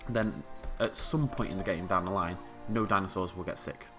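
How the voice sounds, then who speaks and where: A man's voice: low-pitched, normal speed, music in the background. A man hosting a video game let's play, giving casual, playful commentary and chatting to the characters on screen.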